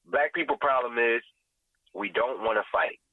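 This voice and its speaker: A man's voice: medium pitch, moderate pace, dry recording. A man delivers emphatic, preachy commentary as a podcast guest, pressing his points through repetition. His voice comes through a thin, phone-like line with a dry, close sound. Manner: preachy, emphatic, repeats "you know what I'm saying". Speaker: guest, vegan restaurant owner.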